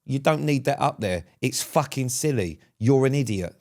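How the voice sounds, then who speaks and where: A man's voice: medium pitch, lively intonation, normal speed, darkish tone. Grumpy swearing man ranting. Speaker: podcast co-host. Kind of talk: casual podcast chat.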